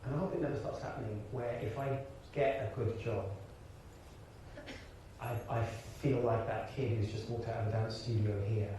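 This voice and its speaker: An interview guest onstage in a large hall, a man from Birmingham, England who acts and directs, delivers animated stories to the audience while often restarting and laughing. He has a mid-range voice at normal speed. Sound comes from far off, echoing, with hiss.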